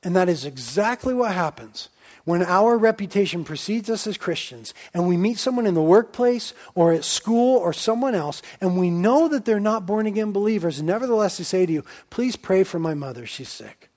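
High-voiced male preacher. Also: expressive, fairly quick, a little mellow. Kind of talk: sermon.

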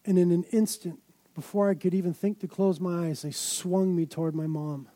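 A man preaching a sermon in a fairly high yet mellow voice. He tells his stories dramatically, piling up emphatic phrases, and the recording is dry and close. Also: fairly even intonation, normal speed, dry recording. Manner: dramatic storytelling, emphatic build-ups. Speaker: pastor.

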